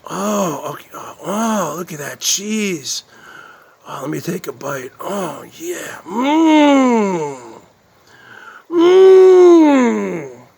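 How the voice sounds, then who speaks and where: A man's voice: a little high, slow pace, gravelly, slightly rough, exaggerated voice. A man doing a comic impression of a boastful Jersey man who brags about his pizza and moans with pleasure as he eats it. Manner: loud smacking yummy sounds, bragging.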